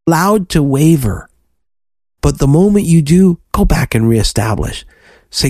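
Guy preaching hard on a faith podcast, mellow dark tone, dry close mic. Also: fairly high pitch, unhurried, dry recording. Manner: fervent, preachy, animated storytelling. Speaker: podcast co-host.

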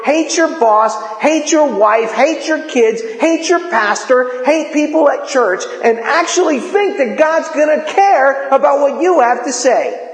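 A man preaching a sermon in a lively, conversational way, acting out quotes as he goes. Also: very high voice. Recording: echoey hall.

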